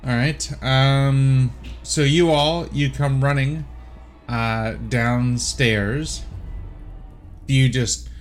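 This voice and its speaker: A man's voice: medium pitch, steady tone, very slow, faint music behind. A man narrating as game master of a tabletop role-playing game, casual and full of fillers and restarts.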